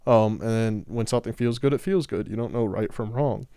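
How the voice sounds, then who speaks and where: A man's voice: on the low side, a little fast, dark tone, no echo, clean studio sound. A man from Georgia, talking frankly and candidly in a casual podcast conversation.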